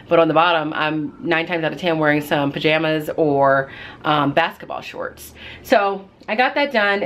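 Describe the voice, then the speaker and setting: A woman's voice: mid-range voice, a bit bright. A woman teacher talking casually to her camera in a candid vlog, with lots of fillers. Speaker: teacher vlogger.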